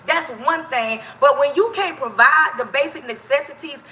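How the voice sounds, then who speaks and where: A woman hosting a livestream and giving emphatic, preachy life advice. She speaks in casual, colloquial speech straight to her viewers and sometimes raises her voice to a shout. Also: high voice, moderate pace, far from the mic. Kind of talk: motivational straight talk to viewers. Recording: echoey room, voice a bit off-mic.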